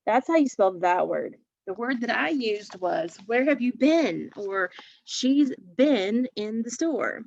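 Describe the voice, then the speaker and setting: Slow, patient woman teaching phonics. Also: mid-range voice, animated, vocal fry, darkish tone, dry recording, lo-fi sound. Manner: slow, patient, sounding out letters. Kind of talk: phonics lesson for young children.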